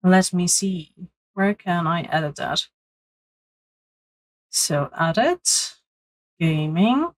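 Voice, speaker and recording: A young woman live-streaming a game, chatting bubbly and excitedly with her viewers. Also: medium pitch, rough recording. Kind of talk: live-stream gaming chat.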